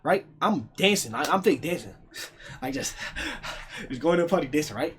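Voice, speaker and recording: A young man telling a party story in a casual storytime, slangy and animated, with frequent laughs. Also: fairly high pitch, normal speed, a little hiss or hum.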